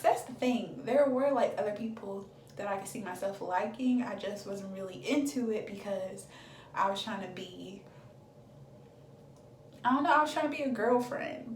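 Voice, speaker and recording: A woman's voice: mid-range voice, darkish tone, distant mic, a little hiss or hum. A young woman in her twenties tells a dramatic storytime, talking in a loose, chatty way with plenty of fillers. She sits back from the mic in a room that rings with echo. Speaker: beauty vlogger. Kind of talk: storytime vlog.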